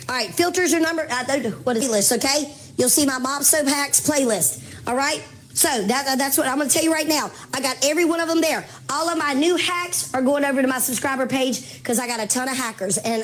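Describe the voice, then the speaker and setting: A woman hosting a casual live-stream sale, chatting with viewers, calling them baby girl and mama, with her voice going hoarse from talking. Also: sits high, a little fast. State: losing her voice.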